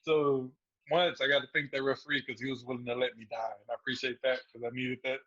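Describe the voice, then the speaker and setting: A man's voice: medium pitch, flat delivery, quick pace, a bit bright, dull audio. Laid-back man telling fight stories. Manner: laid-back, laughs through his stories. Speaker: guest fighter. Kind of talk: casual storytelling interview.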